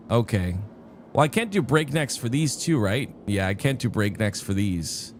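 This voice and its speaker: A man streams a game live, chatting casually and rambling with his viewers while often interrupting himself. His medium-pitched voice is sing-song at a moderate pace, with a little hiss or hum and faint background music.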